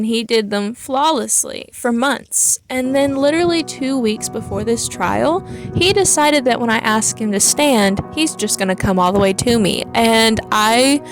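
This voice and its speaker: A woman, a dog handler, chatting through her trial video and quoting her own nervous thoughts. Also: fairly high pitch. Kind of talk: casual voice-over commentary on a trial video.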